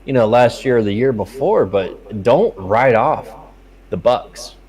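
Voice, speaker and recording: A man's voice: mid-range voice, measured pace, low-quality recording. A young man co-hosting a casual sports betting chat, swearing often and telling stories animatedly. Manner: profane, animated storytelling. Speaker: podcast co-host.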